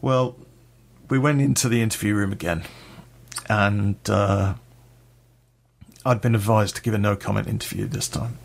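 A man's voice: on the low side, fairly even intonation, normal speed, creaky, pauses often. A man telling a personal story in a blunt, sweary way, with a laugh now and then.

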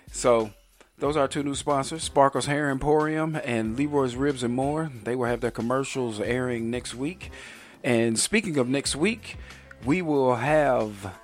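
A man hosting a podcast, chatting casually and jokingly, with frequent ums and uhs. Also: mid-range voice. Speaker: podcast host.

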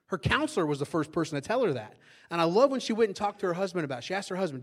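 A middle-aged man preaching a sermon, telling a story from his own marriage with animated energy. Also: a little high, rapid-fire. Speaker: pastor.

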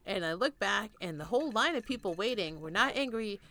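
A woman's voice: medium pitch, lively intonation, fairly quick, bright, forceful tone. A woman co-hosting a podcast, chatting casually and telling a story with a lot of swearing and acted-out quotes. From United States. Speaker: podcast co-host. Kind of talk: casual chat.

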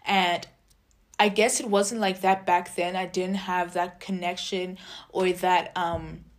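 A young adult woman telling a personal story in a casual vlog, chatty and animated, acting out quoted dialogue. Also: fairly low pitch, takes it slowly. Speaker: vlogger.

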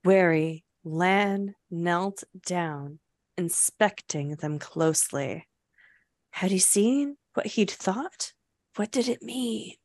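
A woman chats through a fantasy novel on a podcast, reading passages aloud and breaking off with laughing asides. She talks slowly and deliberately. The sound is dry and close. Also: lowish voice, dry recording. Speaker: podcast co-host recapping a novel. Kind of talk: casual book recap chat.

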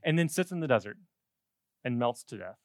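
Animated, joking male preacher. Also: medium pitch, fairly quick, no echo, clean studio sound. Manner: animated, conversational, jokey asides. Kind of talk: sermon.

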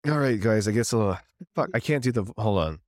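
A man's voice: fairly low pitch, brisk, a little mellow. A tired man co-hosting a stream, chatting casually in a rambling, profane way with lots of restarts. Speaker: podcast co-host.

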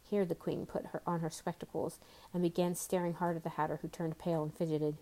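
Mellow-voiced woman reading a storybook aloud. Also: low-pitched, flat delivery, brisk, rough recording. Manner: adds casual asides to listeners. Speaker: storybook reader. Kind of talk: reading a children's novel aloud.

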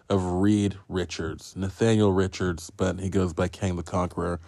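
A man's voice: sits low, flat delivery, moderate pace, gravelly, hardly any pauses, darkish tone, no room sound, studio quality. A man hosting a podcast, giving a casual solo film review in a rambling, profane, self-mocking way. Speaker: podcast host reviewing films.

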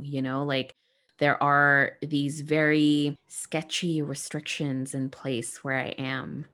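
A woman hosting a reflective spiritual monologue, speaking gently and earnestly to her listeners. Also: very deep voice. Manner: gentle, soft-spoken, earnest.

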